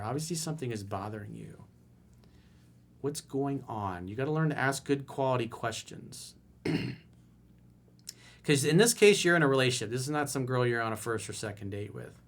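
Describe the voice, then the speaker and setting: A man's voice: medium pitch, a bit bright. A man as a dating coach, reading viewer emails aloud and answering them with blunt, casual, direct advice.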